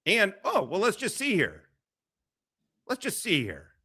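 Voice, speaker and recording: A man hosts a casual reaction stream with a bright, lively, slightly high voice that swings all over the place. He curses freely and breaks into laughter often. His talk is loose and chatty. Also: measured pace, breathy edge. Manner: profane, laughs often, animated.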